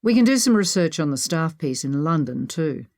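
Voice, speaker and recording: Woman doing a teasing adventurer man, dry humor, low voice. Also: big pitch swings, normal speed, darkish tone, no echo.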